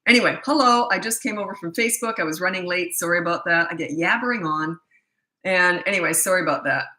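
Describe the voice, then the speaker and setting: A middle-aged woman runs a casual live parenting Q&A, talking bluntly and poking fun at herself. Her voice is bright and forceful, and the room around her rings with echo. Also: mid-range voice, lively intonation, fairly quick. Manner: chatty, blunt and self-deprecating, laughs at herself. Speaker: parenting coach hosting a live Q&A. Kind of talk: casual live-stream chat answering viewer questions. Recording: echoey room.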